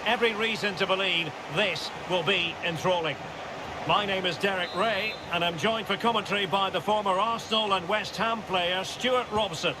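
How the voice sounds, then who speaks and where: A male play-by-play commentator with a fairly high voice calls a football match for a video game. His calls stay measured and then climb into excited shouts. Loud crowd and game sound run under everything he says. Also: background noise.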